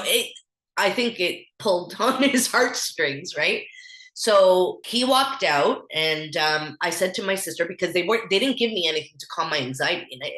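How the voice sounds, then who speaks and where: A woman's voice: on the low side, a bit bright. A woman in her thirties with a Canadian accent, a podcast guest telling a personal story candidly, with lots of fillers. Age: 30s. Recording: echoey room.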